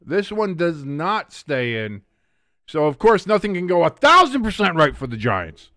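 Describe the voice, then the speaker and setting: High-pitched dude doing live play-by-play on stream, super dry close mic, reads chat, gets shouty on big plays. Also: male voice, very animated, measured pace, no room sound. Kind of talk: casual live play-by-play commentary.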